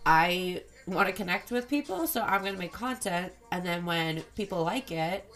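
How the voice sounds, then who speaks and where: A woman's voice: fairly low pitch, lively intonation, moderate pace, fairly bright tone, soft background music. A young woman hosting a solo podcast, talking candidly and rambling, swearing often. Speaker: podcast host. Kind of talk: casual solo podcast chat.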